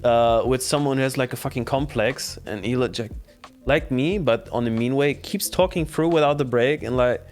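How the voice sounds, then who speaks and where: A man's voice: medium pitch, moderate pace, darkish tone, soft background music. A man, a guest streamer chatting casually on a podcast in a blunt, rambling, profane way. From Germany. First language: German.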